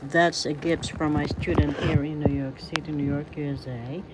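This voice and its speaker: A woman teaching a language lesson, breaking words into syllables and repeating them slowly. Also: sits low, steady tone. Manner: syllable-by-syllable pronunciation drilling, warm greetings. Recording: loud background noise, passing vehicles.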